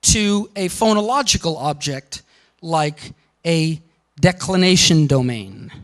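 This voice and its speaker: A man giving a university lecture, animated and often checking in with the class. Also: a little high, slow pace, low-quality recording.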